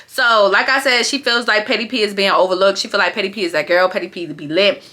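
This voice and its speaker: A woman giving a casual, gossipy recap of a reality show, talking in an animated, slangy way. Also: mid-range voice, fast.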